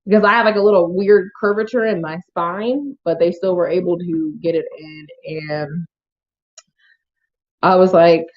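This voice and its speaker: A woman's voice: on the low side, steady tone, moderate pace. Chatty woman telling a birth story. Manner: chatty, emotional, addresses viewers as y'all. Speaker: vlogger. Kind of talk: casual storytelling to camera. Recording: dull lo-fi home video sound.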